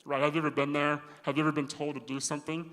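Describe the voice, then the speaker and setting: Man preaching casually with slang and playful acted-out lines, slightly high voice, echoing hall. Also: rapid-fire. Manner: slangy, animated, acts out quoted voices. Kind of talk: casual sermon. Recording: long hall reverb.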